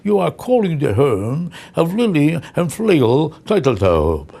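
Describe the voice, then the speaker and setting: A man mimicking a pompous answering-machine greeting, slow, stiff and overly formal. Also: on the high side, huge pitch swings, creaky, mellow, heavily acted. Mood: stiffly formal.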